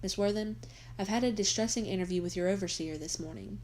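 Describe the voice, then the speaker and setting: A woman's voice: mid-range voice, darkish tone, slight background noise, natural voice. A woman reading a stern, cold mill boss. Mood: cold, probing. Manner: curt, measured questioning. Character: stern middle-aged male mill agent, cold.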